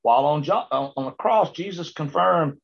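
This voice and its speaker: In a dull lo-fi recording, a man with a fairly high, slightly rough voice and vocal fry speaks at normal speed. He's teaching an informal Bible class, rambling with frequent stammered restarts and checking in with his listeners.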